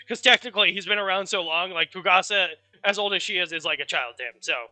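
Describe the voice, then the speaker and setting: A man streamer casually recapping a story, rambling and animated, with offhand swearing. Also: sits high, quick pace, hardly any pauses, no echo, faint music behind.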